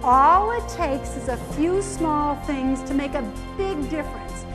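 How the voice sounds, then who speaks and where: Middle-aged female health speaker, high pitch, animated and self-mocking conference storyteller. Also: unhurried, music in the background. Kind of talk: conference presentation. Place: conference hall.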